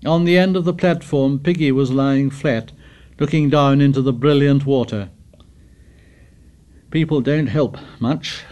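Man reading a novel aloud. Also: mid-range voice. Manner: measured, steady literary reading. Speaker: audiobook narrator. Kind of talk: scripted narration.

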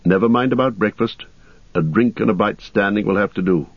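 A man voicing a grim, watchful ranger who speaks low, calm and measured, on a dull lo-fi recording. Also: vocal fry, no room sound. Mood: terse.

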